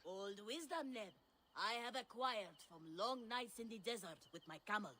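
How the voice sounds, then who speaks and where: Game desert merchant, comic put-on accent, flowery broken-grammar pitch, sharp bright tone. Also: expressive, normal speed, a little hiss or hum. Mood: hawking. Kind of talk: video game dialogue.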